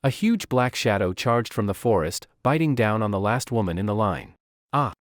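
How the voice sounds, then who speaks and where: Guy reading a manhwa recap, animated delivery, dry close mic. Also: on the low side, moderate pace, dry recording. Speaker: narrator. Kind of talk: scripted story recap narration.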